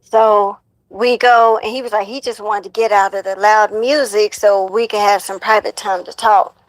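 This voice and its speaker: A young woman, a guest on a talk show, telling a painful personal story in a halting way, full of fillers and repeated words. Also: medium pitch, steady tone, no echo, low-quality recording. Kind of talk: emotional personal account.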